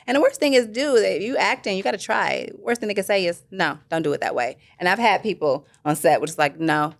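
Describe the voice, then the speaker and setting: A woman actress answering interview questions in a rambling, animated way, acting out what others said to her. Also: sits low, moderate pace, gravelly. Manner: rambling, animated, acts out quoted voices. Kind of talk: casual interview chat.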